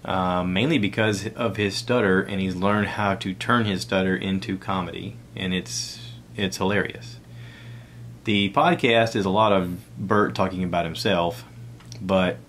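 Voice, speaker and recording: Deep-voiced Southern American man rambling casually. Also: a bit bright, slight background noise. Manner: rambling, conversational, self-deprecating asides. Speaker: podcast host. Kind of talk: casual solo podcast talk.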